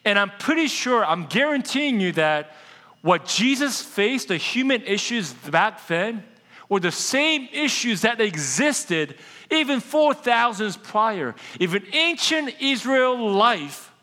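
Preaching from the pulpit, a man with a voice that sits high tells his sermon as an animated story, easing his pace to stress key points. The church sanctuary recording has a long hall reverb.

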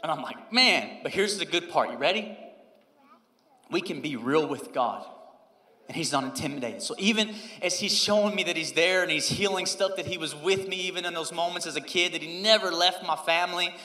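A man in his thirties, a pastor preaching a sermon and telling a personal story, moving between loud emphasis and hushed, quoted prayer. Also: fairly high pitch, brisk. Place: church sanctuary. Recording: roomy hall reverb.

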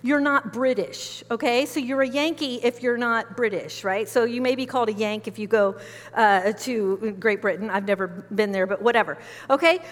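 A woman's voice: on the high side, moderate pace, big-room sound. A woman from the United States preaching a sermon as a pastor, conversational and emphatic, with frequent asides to her listeners.

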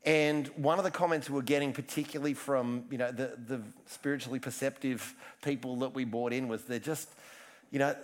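A man's voice: medium pitch, steady tone, a little fast. A man preaching a casual sermon, chatty and joking, often restarting his sentences. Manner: chatty, self-interrupting, joking asides. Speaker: pastor.

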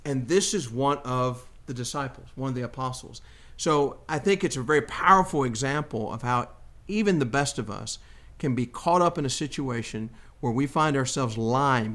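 A man hosting a Bible discussion, teaching conversationally and acting out the quoted lines. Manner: animated, acts out quotes with rising pitch. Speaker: Bible study host.

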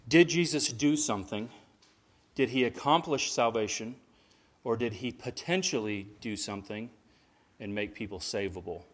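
A man's voice: on the low side, a bit bright. A male pastor reading scripture and preaching a sermon at a church service, earnest and building his points with rhetorical questions.

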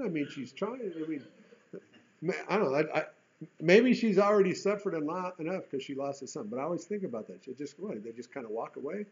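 A male Bible teacher with a fairly high voice works through a chapter verse by verse. He reads the text aloud and keeps breaking into folksy asides and rhetorical questions. The recording sounds dull and lo-fi. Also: animated, a little fast.

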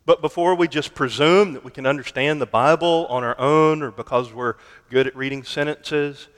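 A man preaching a sermon, deliberate and emphatic, stretching key words for weight. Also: medium pitch, fairly bright tone. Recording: long hall reverb.

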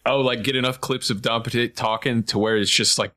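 Joking bright-voiced male podcast host. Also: mid-range voice, fairly even intonation, brisk. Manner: joking, rambling, sarcastic. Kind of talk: casual podcast chat.

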